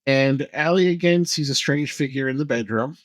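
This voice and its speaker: A man talking at an ordinary pitch, recapping a horror movie for a podcast in a loose, chatty way. He swears freely and gets animated when something excites him. The sound is dry and close, with no room around him. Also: moderate pace, no echo. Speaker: podcast co-host. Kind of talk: casual movie recap chat.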